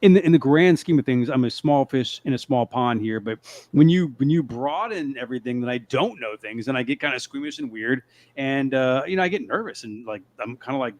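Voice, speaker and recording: A man's voice: mid-range voice, lively intonation, a little mellow, no room sound. A casual podcast co-host, a man who rambles and halts, restarting sentences and padding them with filler. He is self-deprecating and laughs easily as he talks. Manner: rambling, halting, full of filler words and restarts.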